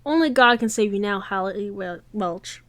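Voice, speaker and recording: A woman doing a brash teasing British lady friend, loud outbursts, higher pitched, dry sound. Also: moderate pace, no echo, close to an everyday voice.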